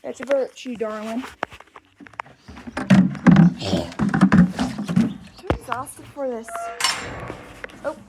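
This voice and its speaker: A woman's voice: a little high, drawn-out words, pauses often, heavy background noise. A young woman chatting casually outdoors on a ranch while doing chores, rambling and joking about herself into a handheld phone. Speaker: ranch vlogger.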